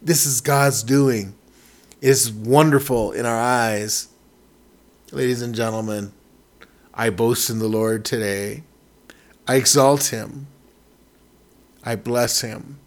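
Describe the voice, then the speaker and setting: A man preaching a sermon with fervor, repeating phrases and swinging between loud declarations and hushed asides. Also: mid-range voice, steady tone, slow.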